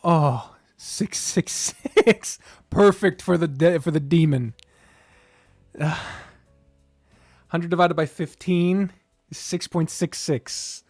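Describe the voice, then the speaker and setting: A woman's voice: lowish voice, slow, pauses often, a little mellow, dry recording, clean studio sound, faint music behind. A woman streamer and game master in casual livestream chat, giddy and laughing often, swearing and stumbling as she works through math aloud.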